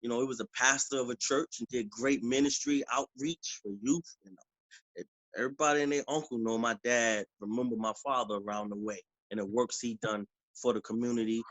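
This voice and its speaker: A man, an author and preacher, talking casually in an interview, with relaxed slang and frequent "you know what I'm saying". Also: medium pitch, a little fast, dry recording, rough recording.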